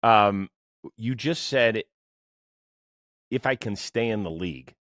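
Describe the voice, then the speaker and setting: Deep-voiced chatty male podcast host. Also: slow pace, no echo, clean studio sound. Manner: chatty storyteller, animated. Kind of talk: casual interview chat.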